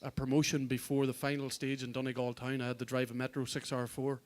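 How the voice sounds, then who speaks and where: Male panel guest, flat steady delivery, smooth resonant tone. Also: medium pitch, fast. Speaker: rally driver panel guest. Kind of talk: reflective panel answer.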